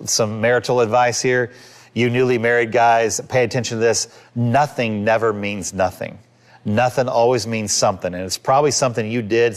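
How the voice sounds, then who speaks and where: A man in his fifties, a pastor giving a sermon in an earnest, conversational way, acting out little quotes. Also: mid-range voice.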